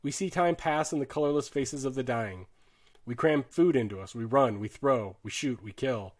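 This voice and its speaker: A man giving a dramatic audiobook narration of a war novel, earnest and shifting his loudness sharply with the drama. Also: medium pitch, normal speed. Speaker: audiobook reader.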